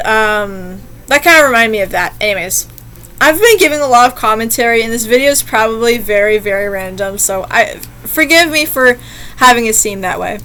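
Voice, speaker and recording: A woman's voice: fairly high pitch, pushed and bright, smooth. A young woman reading short scary stories and chatting between them in a rambling, easily spooked way. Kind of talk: casual reaction commentary.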